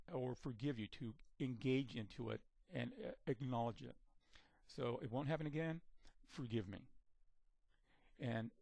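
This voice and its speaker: A man of average pitch gives an instructional talk in a measured, steady way. He often repeats and restarts words as he lays out each step. The sound is dry and close, with little room around it. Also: dry recording. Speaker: communication trainer.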